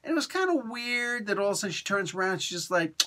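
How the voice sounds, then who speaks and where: A man's voice: high voice, sing-song, quick pace, bright, forceful tone. A man hosting a casual comic book review, talking in a rambling, chatty way full of fillers and restarts.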